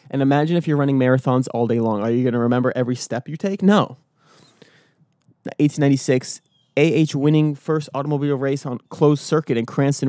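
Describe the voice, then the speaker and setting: An energetic man hosting his own daily vlog. He rambles from thought to thought and keeps slipping into motivational pep talk. His voice sits in a middle pitch and sounds dry and close. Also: dry recording. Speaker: vlogger and podcast host. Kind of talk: casual solo vlog talk. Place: outdoors early in the morning.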